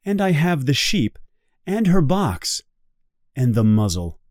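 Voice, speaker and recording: A man reading the part of a gentle, sad little boy prince in a storybook, in a soft and wistful way. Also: fairly high pitch, big pitch swings, takes it slowly, dry recording, studio quality, voice pushed up.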